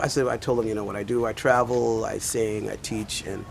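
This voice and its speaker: An older man with a gravelly, creaky voice tells a rambling story, full of fillers and asides. He talks casually, like a pastor chatting with his flock. Faint noise hums behind him. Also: fairly low pitch, little pitch movement, fairly quick. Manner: rambling anecdotal telling with many fillers. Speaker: pastor and teacher.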